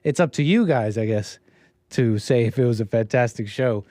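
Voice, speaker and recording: A man's voice: medium pitch, expressive, moderate pace, warm tone, dry recording, clean studio sound. A man hosting his own livestream, talking in a rambling, sarcastic way with restarts and laughs. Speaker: streamer and show host. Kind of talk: casual livestream monologue.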